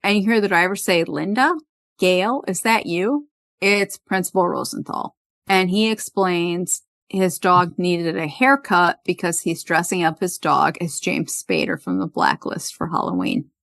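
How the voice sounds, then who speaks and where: A woman's voice: lowish voice, fairly even intonation, moderate pace, gravelly, a bit bright, no echo. A woman hosting a podcast, casually retelling an episode's scenes and quoting the characters. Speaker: podcast host. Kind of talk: casual recap chat.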